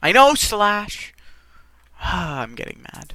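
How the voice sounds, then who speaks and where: A let's play gamer giving live commentary who rages and swears, with sudden yells between low muttering. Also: big pitch swings, drawn-out words, a little hiss or hum. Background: faint game music.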